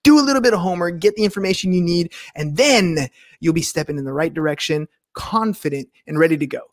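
A man hosting a casual business podcast, lively and joking as he chats with his guest. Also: on the high side, quick pace. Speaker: podcast host. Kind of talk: casual interview chat.

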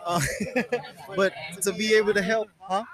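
A man's voice: high-pitched, fairly even intonation, unhurried. A man hosting a live podcast outdoors at a street festival, talking in an easygoing, chatty way. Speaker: podcast host. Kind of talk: casual live interview. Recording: noisy outdoor crowd recording. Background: crowd chatter.

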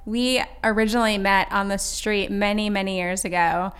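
A woman interviewing a guest in a casual conversation, bubbly and quick to laugh. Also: mid-range voice, fairly even intonation, a bit bright, clean tone.

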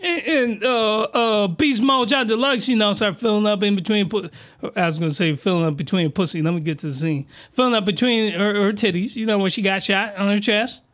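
Brisk, bright, and high-pitched, this male podcast host reviews comics in a crude, comedic monologue. He rambles, cracks jokes, and keeps interrupting himself partway through sentences.

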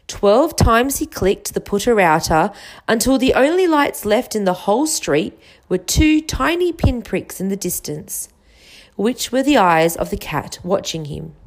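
A woman narrating a storybook aloud in an expressive reading style. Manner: expressive reading with lively pitch. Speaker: audiobook reader.

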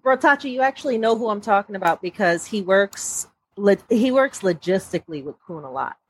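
A woman on a casual podcast panel, animated and putting questions to the group. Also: medium pitch, a little fast, breathy edge, dry recording.

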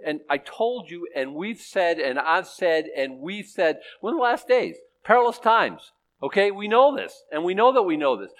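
Animated pastor preaching, loud to hushed. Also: male voice, on the high side, low-quality recording. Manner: animated, swings from loud urgency to hushed softness; repeats himself and restarts phrases. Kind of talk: sermon.

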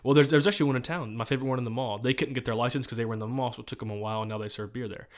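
A young man from Missouri co-hosts a podcast in loose, casual conversation. His pitch sits in a middling range, and he tells long, rambling stories with frequent laughter. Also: fairly even intonation, racing. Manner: rambling, storytelling, laughs often. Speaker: podcast host. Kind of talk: casual chat.

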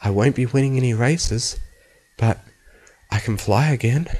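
A man's voice: mid-range voice, moderate pace, warm tone, voice pushed up, lightly acted. A man voicing an anxious young pony student who explains things in a rattled rush. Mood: rueful.

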